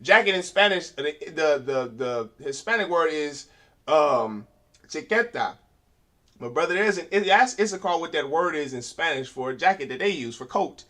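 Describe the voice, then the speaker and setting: A man teaching a class in an emphatic preaching style, asking rhetorical questions and rising to loud, forceful delivery. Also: on the high side, animated, normal speed. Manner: uses rhetorical questions and quoted voices.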